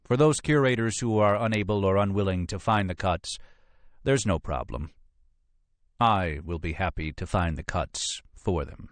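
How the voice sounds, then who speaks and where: A man's voice: low voice, moderate pace, dry recording, close to an everyday voice. A male narrator voicing a male museum administrator who speaks pleasantly but firmly. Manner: pleasant but firm, controlled.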